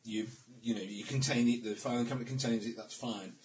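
A man's voice: medium pitch, fairly even intonation, fairly quick. A man narrating as game master in a tabletop game, laughing often. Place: hall. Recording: loud background noise.

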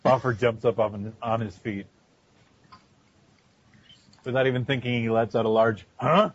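A man plays a tabletop game, narrating his character's actions in a jokey way. His voice is husky and the recording sounds dull. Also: medium pitch, fairly even intonation, normal speed. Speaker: player. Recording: dull lo-fi audio.

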